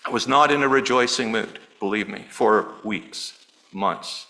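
Earnest bright-voiced man preaching. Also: lowish voice, unhurried, rough recording. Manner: earnest, personal, softening to near-hush on grief. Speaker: pastor. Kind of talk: sermon.

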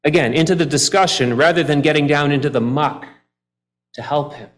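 A man preaching a sermon, walking through scripture verse by verse, his delivery swinging from soft, drawn-out phrases to emphatic rises. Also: on the high side. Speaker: pastor.

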